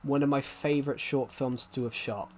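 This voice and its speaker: Young man in his twenties, game streamer, loose rambling chat that keeps restarting mid-sentence, mid-pitched. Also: fairly even intonation, moderate pace. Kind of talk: casual live-stream chat while playing.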